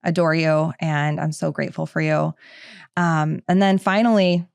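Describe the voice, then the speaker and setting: A woman's voice: deep voice, fairly even intonation, moderate pace, vocal fry, smooth, dry recording. Chatty woman podcast host, dry sound. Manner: chatty, filler-heavy with frequent "like". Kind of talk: casual podcast monologue.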